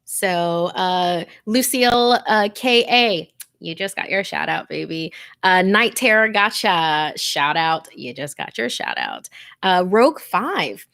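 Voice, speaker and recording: A woman hosting a livestream, reading a scary story in a hushed, tense voice that drops into whispers, then chatting casually and laughing with viewers. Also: fairly low pitch, lively intonation, takes it slowly, creaky. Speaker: livestream host and story narrator.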